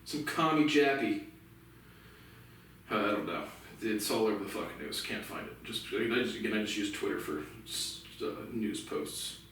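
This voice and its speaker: A man's voice: lowish voice, lively intonation, moderate pace, a bit bright, a little hiss or hum. Angry ranting man in echoey room. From United States. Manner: angry, profane, rambling. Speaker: vlogger. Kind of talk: solo ranting monologue. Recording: very echoey room, mic far off.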